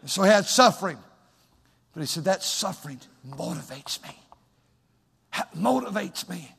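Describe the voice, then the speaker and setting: A high-pitched man preaches a sermon in a church sanctuary. His voice echoes with a long hall reverb. He drifts between soft, low storytelling and loud, shouted calls to the congregation. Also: lively intonation, moderate pace, vocal fry, slightly rough.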